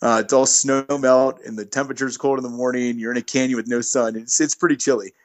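A man's voice: medium pitch, steady tone, fast. A middle-aged man, a long-distance hiker, telling stories in an easygoing, rambling way as a podcast guest. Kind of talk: casual storytelling interview.

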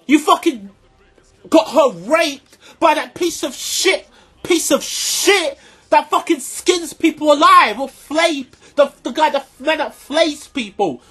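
High-pitched furious ranting vlogger. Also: slow pace. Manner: furious, profane, often shouting; repeats points for emphasis. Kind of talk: angry reaction rant to camera.

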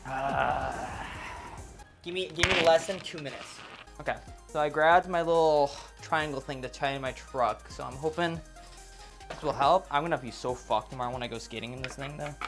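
A young man casually commentating his own gameplay, excitable and swearing a lot, yelling whenever he misses. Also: medium pitch, normal speed, creaky, music in the background.

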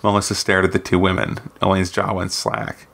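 A man narrating a fantasy story from his own book, in a steady, measured reading. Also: low-pitched, creaky. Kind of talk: scripted narration.

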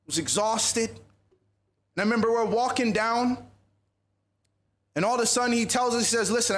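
High-voiced man telling a lively sermon story. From USA. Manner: lively, animated storytelling with acted quotes. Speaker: youth conference speaker.

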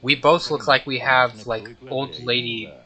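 Young guy rambling thru a game, super bright voice, jokey and mumbly. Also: mid-range voice, steady tone, a little slow, low-quality recording. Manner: rambling, joking, mumbles and trails off. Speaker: gameplay streamer. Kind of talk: casual gameplay commentary.

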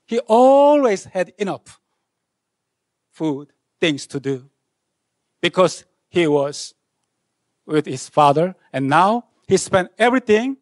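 Dramatic high-voiced male preacher. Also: sing-song, takes it slowly, long pauses, no room sound, clean studio sound. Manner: dramatic, swinging from loud outbursts to hushed lines. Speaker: pastor. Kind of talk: sermon. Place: university chapel.

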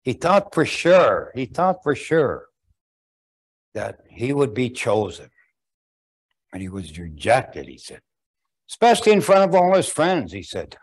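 A man's voice: mid-range voice, sing-song, measured pace, long pauses, slightly rough. A man telling a traditional winter story in a folksy way, with chuckling asides. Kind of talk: oral storytelling.

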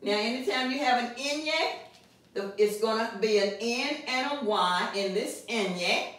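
A woman with a slightly high voice leads a language lesson, stretching out each word with slow, deliberate care. She is recorded from a distance in a strongly echoing room. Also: fairly bright tone. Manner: slow, drawn-out enunciation of vocabulary words. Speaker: Spanish teacher. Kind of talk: classroom-style language lesson. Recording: very echoey room, mic at a distance.

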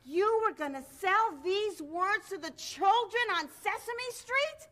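A woman's voice: very high voice, animated, slow, sharp tone, heavily acted. A woman speaking sharply and sternly, no-nonsense.

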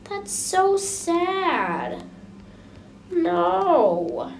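A young woman hosting a casual gameplay vlog, chatty and gushing with excitement as she comments on what she sees. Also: very high voice, extremely slow, creaky, far from the mic, slight background noise. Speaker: gaming channel host. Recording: echoey room, mic set back, music behind.

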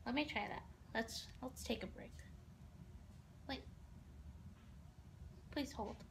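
Bright-voiced young woman, relaxed. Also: on the high side, slow pace, vocal fry, a little hiss or hum. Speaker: daughter. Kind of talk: casual family vlog chat.

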